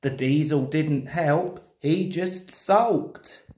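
A woman narrating a storybook in an expressive, measured way. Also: on the low side. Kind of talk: storybook reading. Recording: roomy echo.

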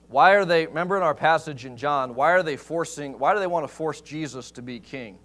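A man pastor preaching a sermon in a church, emphatic, swinging from loud rises to quiet asides. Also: on the high side.

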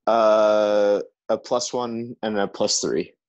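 A man's voice: on the low side, steady tone, slow pace. A young man playing a tabletop game, talking casually and hesitantly while describing his character's moves. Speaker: player. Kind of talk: playing a tabletop game over a video call. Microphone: video call. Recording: muffled video-call audio.

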